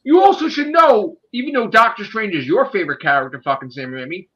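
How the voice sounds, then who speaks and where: A man's voice: high-pitched, lively intonation, fairly quick, a bit bright. A man casually discussing a movie on a podcast in a ranting, profane and emphatic way. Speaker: podcast host. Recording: dull lo-fi sound.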